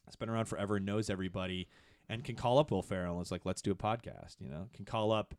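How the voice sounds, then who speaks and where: A middle-aged man and podcast producer in casual chat, telling stories with bursts of excitement that jump high in pitch. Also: fast, no room sound. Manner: excitable storyteller, swings to high animated peaks.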